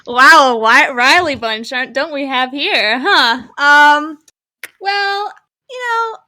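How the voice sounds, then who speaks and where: A woman's voice: high-pitched, animated, takes it slowly, pushed and bright, voice pushed up, exaggerated voice. A woman voicing a mysterious, smug robotic voice that calls down from above in a tabletop game. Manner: smug, teasing.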